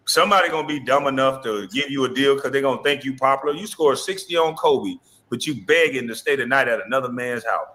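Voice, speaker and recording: A man hosting a heated, taunting casual rant, mocking someone with quick impressions. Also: mid-range voice, sharp tone. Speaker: show host.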